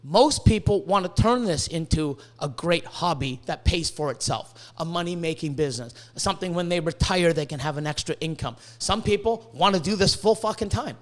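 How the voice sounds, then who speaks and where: A man's voice: a little high, animated, moderate pace, hardly any pauses. A man hosting a podcast in casual chat, swearing a lot and stumbling over repeated words as he makes emphatic points. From Canada. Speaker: podcast host.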